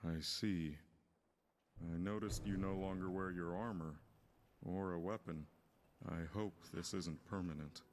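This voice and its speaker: Deep formal warrior friend. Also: male voice, steady tone, a little slow, slight background noise. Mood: concerned.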